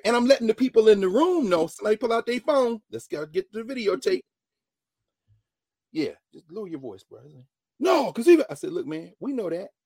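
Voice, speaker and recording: A man, a professor telling a story in an animated lecture and acting out the dialogue. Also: slightly rough, no room sound, clean studio sound. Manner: dramatic, acts out dialogue, swings from low mutters to loud exclamations. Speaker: professor hosting a class-style show.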